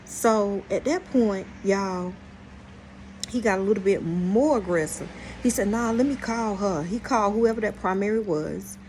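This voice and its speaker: A woman's voice: mid-range voice, measured pace. An outspoken woman recounts a run-in to her viewers in casual storytime fashion. She is blunt and profane, addresses her audience directly, and her mid-range voice rises sharply when she is outraged. A faint hiss sits under the recording. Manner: animated, exclaims in outrage. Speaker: channel host. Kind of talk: storytime vlog.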